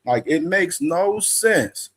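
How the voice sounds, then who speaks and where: A man's voice: sits high, expressive, takes it slowly, a little hiss or hum. A man co-hosting a live boxing stream, laid-back and talking in casual slang.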